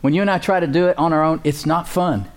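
A man's voice: on the high side, quick pace. A man preaching a sermon as pastor, calling out to the congregation for responses and chuckling often.

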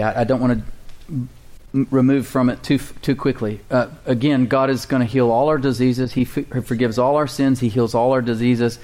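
A man preaching in a relaxed, conversational way, calling out for amens and laughing lightly between points. His voice sits at an ordinary middle pitch for a man, and he slows down to read scripture aloud. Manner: conversational preaching with call-and-response and chuckles. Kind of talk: sermon. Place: church congregation.

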